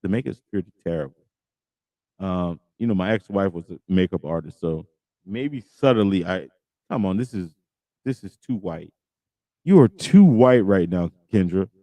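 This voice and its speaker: A man's voice: low voice, animated, normal speed, warm tone, no room sound. A middle-aged man hosting a podcast, ranting and swearing heavily as he reacts to a clip. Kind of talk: heated reaction commentary.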